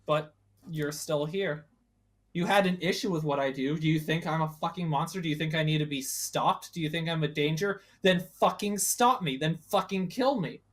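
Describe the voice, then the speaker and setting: A bitter, volatile female monster confronts her companion, swearing heavily, as a tabletop player voices her. The voice is mid-pitched and close to the player's own. It is in-character tabletop role-play. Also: a bit bright, lightly acted. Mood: defiant.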